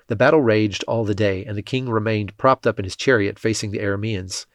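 A man giving a measured, scripted Bible reading, lightly voicing the quoted speech. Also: lowish voice, steady tone, no room sound, clean studio sound. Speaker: scripture reader.

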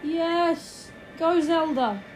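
A young woman hosting a gaming podcast, giving gushing commentary and repeating her excited exclamations. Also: very high voice, extremely slow, a little hiss or hum. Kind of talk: game commentary.

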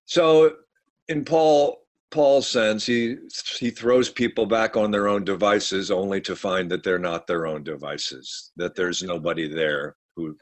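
A man in casual discussion, reading texts aloud in a measured way and sometimes laughing. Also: low-pitched, steady tone.

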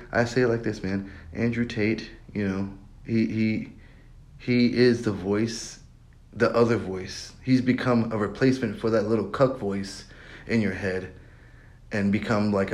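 A young man hosting his own podcast, talking in a rambling, profane monologue that loops back on itself. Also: on the low side. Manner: rambling, profane, repeats himself. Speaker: podcast host. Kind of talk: casual monologue.

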